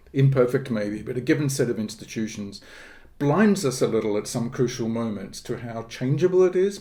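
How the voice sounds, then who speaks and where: This podcast interview features a middle-aged politics professor whose mid-range voice is mellow. He explains ideas in a measured, academic way, pausing to use fillers and sometimes restarting what he says.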